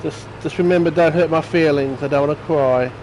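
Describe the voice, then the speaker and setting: A man's voice: fairly high pitch, fairly quick, a little mellow, slight background noise, rough recording. A man giving casual, chatty commentary while playing a game and teasing viewers by name. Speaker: gaming streamer.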